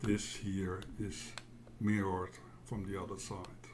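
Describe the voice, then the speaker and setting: A man teaching a software tutorial in a casual, halting way, often checking in with "yeah?". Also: deep voice, level tone, a crowd in the background. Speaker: tutorial instructor. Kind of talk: casual screen-share tutorial.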